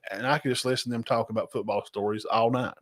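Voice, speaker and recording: A man's voice: mid-range voice, fairly even intonation, fast talker, a bit bright. A man with a Southern accent and a nasal, sinus-blocked voice, hosting a casual sports talk show in a chatty, folksy way. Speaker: host.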